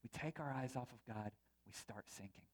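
A male pastor delivers a sermon in a conversational, animated way, dropping in playful asides. His voice is medium-pitched and moves at a normal speed.

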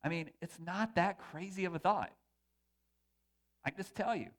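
A male pastor delivers a sermon in a church sanctuary, talking to the congregation in a loose, conversational way. His voice sits a little higher than most men's. He moves between earnest points and playful, joking asides. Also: normal speed.

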